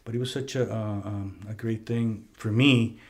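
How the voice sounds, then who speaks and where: A man hosting a casual talk, telling a personal story in a conference room, lively when he quotes other people. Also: lowish voice, moderate pace. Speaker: podcast host. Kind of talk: casual conversation. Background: heater running.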